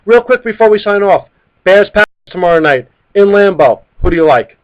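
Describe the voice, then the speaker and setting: A man's voice: sits high, normal speed. A man, hosting a live sports talk show and ranting heatedly with plenty of profanity. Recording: dull lo-fi live stream audio.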